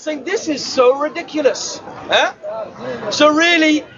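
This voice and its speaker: A man giving a fervent open-air speech to a crowd, often shouting and throwing rhetorical "huh?" questions at his listeners. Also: very high voice, background noise. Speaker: street preacher. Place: outdoor public speaking spot in a city park. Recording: dull lo-fi outdoor recording with crowd.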